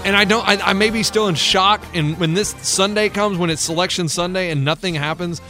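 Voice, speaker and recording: A young man, a dad, co-hosting a casual chat show, telling stories in an animated, excitable way. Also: sits high, brisk, faint music behind. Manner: animated, excitable, trails into laughs and mock complaints. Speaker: co-host.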